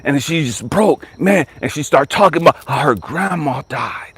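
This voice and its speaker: A man, a life coach, telling a personal story dramatically, jumping from excited high bursts to hushed, whispery lows and urging listeners to stay with him. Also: normal speed, breathy edge, no echo. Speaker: life coach and motivational speaker.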